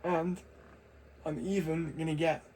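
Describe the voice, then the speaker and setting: Slow, rambling young man. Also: fairly high pitch, fairly even intonation, a little mellow, a little hiss or hum, low-quality recording. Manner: rambling and chatty, with restarts and laughs. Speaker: vlogger. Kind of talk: casual rambling chat to camera.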